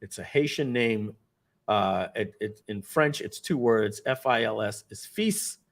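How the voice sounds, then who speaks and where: A man's voice: fairly low pitch, measured pace. A man in his forties telling a casual story from his working life, acting out the voices of the people in it. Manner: animated storytelling, acts out quoted voices. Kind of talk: casual anecdote.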